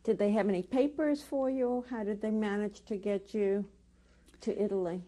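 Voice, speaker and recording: A woman's voice: medium pitch, steady tone, moderate pace, dark tone. A woman interviewing for an oral history, asking short, plain follow-up questions.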